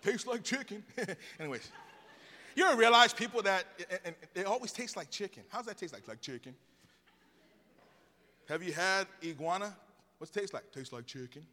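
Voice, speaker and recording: A man's voice: high-pitched, expressive, moderate pace, long pauses, bright, forceful tone, in a large hall. A man preaching a sermon in a church, joking with the congregation and drawing answers back from them. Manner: call-and-response with the congregation; playful storytelling. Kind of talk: sermon with jokes.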